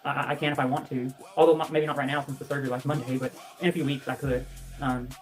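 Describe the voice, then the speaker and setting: A woman's voice: rumbling low, flat delivery, fast talker, faint music behind. A woman on a casual livestream, out of breath, bluntly and profanely answering viewer comments.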